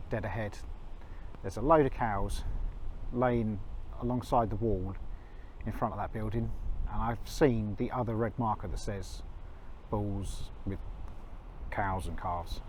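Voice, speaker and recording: A man's voice: on the low side, unhurried, darkish tone, slight background noise, low-quality recording. A man with a chatty, self-mocking manner, talking to a handheld camera while out on a country walk. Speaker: vlogger. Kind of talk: walking vlog to camera.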